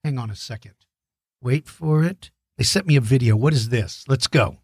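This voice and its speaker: With a mid-range, slightly rough and a little mellow voice at normal speed, the middle-aged dinosaur show host answers children's questions. He's enthusiastic and encouraging, keeping explanations simple in friendly chat, captured in clean studio sound with no room sound.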